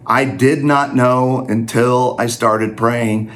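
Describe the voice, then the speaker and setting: Man, sermon-style teaching talk, earnest, conversational, mid-pitched voice. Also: steady tone, slow pace, fairly bright tone. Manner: earnest, conversational, self-deprecating.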